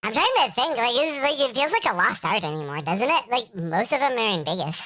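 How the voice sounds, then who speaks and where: A woman's voice: a little high, very animated, a little fast, sharp tone. A young adult woman chatting casually on a stream. She rambles, laughs often, and hums along to music.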